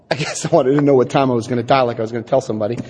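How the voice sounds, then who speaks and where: A middle-aged man giving a personal testimony talk to an audience, an animated storyteller who acts out quotes and adds wry asides. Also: medium pitch, rapid-fire, slightly rough. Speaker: speaker telling his recovery story. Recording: echoey hall.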